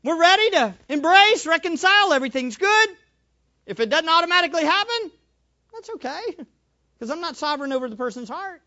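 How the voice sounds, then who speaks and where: A male preacher giving a sermon, animated, acting out little scenes and repeating phrases for emphasis. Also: very high-pitched, fairly quick, lo-fi sound.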